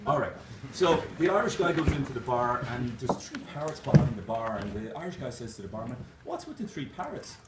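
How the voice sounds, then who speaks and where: A man giving a motivational conference keynote, animated and jokey, speaking straight to the crowd. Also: mid-range voice, a little fast. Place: conference hall. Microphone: distant camera mic. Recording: echoey hall, distant mic, noisy room.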